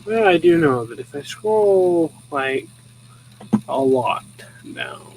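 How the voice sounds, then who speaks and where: Slow and expressive, a young man hosting a show chuckles and rambles through his old photos in a casual chat at his rural home. His voice is a little high and somewhat mellow, on a rough recording with a bit of hiss or hum.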